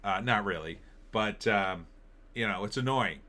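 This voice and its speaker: This middle-aged opinion-show host has a lowish, sharp-toned voice and an unhurried delivery. He comments casually on the headlines, sarcastic and ranting, tossing in mocking asides in put-on voices.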